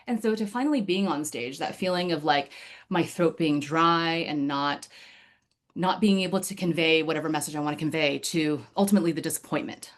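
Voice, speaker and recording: A woman's voice: on the low side, normal speed. A woman giving a personal storytelling speech to her speaking club over a video call, chatty and full of fillers, often laughing.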